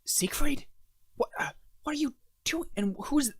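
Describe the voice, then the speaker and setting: A man's voice: very high-pitched, expressive, unhurried, no room sound, studio quality, voice pushed up. A man voicing an irritable woman woken at night, exasperated and scolding.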